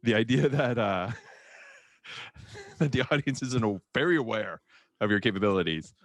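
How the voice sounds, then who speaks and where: A man tossing out dry, sarcastic jabs at a movie during a podcast chat. His voice is on the low side, and the recording is close and dry. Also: expressive, moderate pace, dry recording. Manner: wry, sarcastic asides. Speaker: podcast co-host. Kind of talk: casual movie discussion.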